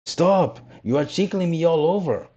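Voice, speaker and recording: A man's voice: on the high side, expressive, moderate pace, dark tone, pitched above the performer's own voice. A man voicing a mysterious childlike little voice that comes from inside a piece of wood, plaintive and teasing. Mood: ticklish. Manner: plaintive, then giggly and teasing.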